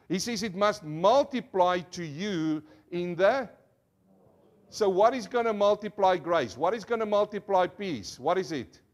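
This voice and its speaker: A male pastor giving a sermon to a congregation, leading call-and-response and explaining word meanings step by step with rhetorical questions. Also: sits high. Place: church service before a congregation.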